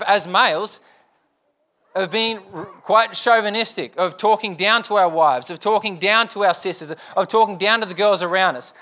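A young man preaches a sermon, his voice pitched high and bright. He presses his point with one earnest rhetorical question after another. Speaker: pastor.

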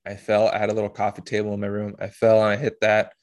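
A man hosting a podcast, telling a personal story in an emotional, halting way with blunt swearing. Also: lowish voice, completely flat delivery. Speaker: podcast host.

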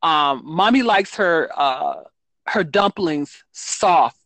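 A woman's voice: low voice, animated, takes it slowly, a bit bright, dry recording. A woman author talking casually in an interview, rambling with frequent ums and self-corrections. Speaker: children's book author, guest.

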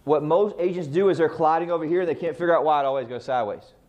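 In a rapid-fire delivery, a man with a slightly high, slightly mellow voice trains real estate agents on client communication. This sales trainer is emphatic and full of rhetorical questions he answers on his own.

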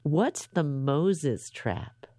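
A woman with a low voice hosts a radio interview, introducing her guest and asking measured questions. The recording is dry and close to the mic. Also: animated, dark tone, dry recording. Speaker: radio show host.

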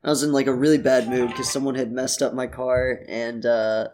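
A young man telling a story in casual chat, animated and laughing as he goes. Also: medium pitch, normal speed, soft background music.

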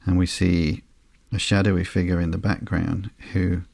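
A man hosting a sleepy podcast, reading through a comic slowly and flatly with frequent ums and uhs. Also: low-pitched, vocal fry, no room sound, clean studio sound. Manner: slow, flat and unhurried, with frequent ums and uhs. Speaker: podcast host.

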